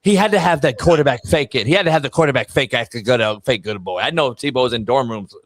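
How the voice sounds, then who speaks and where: A man's voice: mid-range voice, fast talker, no room sound. A man hosting casual sports talk, blunt, joking and profane. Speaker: host.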